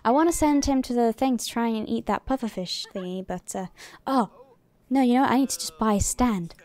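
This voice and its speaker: This woman speaks briskly in a fairly high, slightly mellow voice while commenting casually on her gameplay. Chatty and given to muttering, she lets out the occasional mild curse. Faint music plays behind the dry recording.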